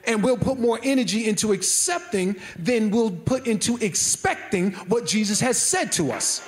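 An exceptionally high-pitched man delivers a sermon as a church elder. His preaching is fervent and emphatic, and he leans on repetition to press his points. A faint noise sits underneath the voice. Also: lively intonation, moderate pace.

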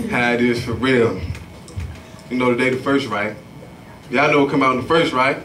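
A man's voice: mid-range voice, expressive, unhurried, music in the background. A man doing a stand-up comedy set at an open mic, telling loose, profane stories. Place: comedy club stage. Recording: echoey club heard from far off.

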